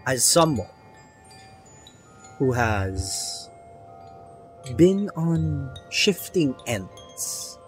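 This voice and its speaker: A man voicing a weary, measured human with glasses who speaks slowly and deliberately. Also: mid-range voice, sing-song. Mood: resigned. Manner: slow, deliberate, resigned. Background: faint ambient music.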